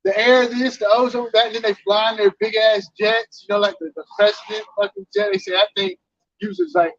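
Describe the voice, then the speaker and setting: A man's voice: high voice, expressive, brisk, no echo, highs cut off. A man in a casual religious chat, telling stories with lots of swearing and laughter. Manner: profane, laughing storyteller.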